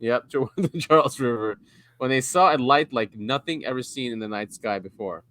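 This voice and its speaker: A man from the United States co-hosting a casual podcast. He rambles and reads bits of articles aloud. His pitch sits mid-range, and the sound is dry and close with no room echo. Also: fairly quick, a bit bright. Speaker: podcast co-host. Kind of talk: casual chat.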